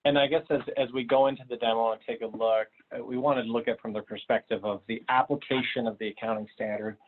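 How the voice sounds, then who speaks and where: Flat-voiced man chatting on a webinar call. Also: mid-range voice. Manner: casual, joking, halting. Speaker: webinar co-presenter. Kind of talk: webinar discussion. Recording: tinny phone-like call audio.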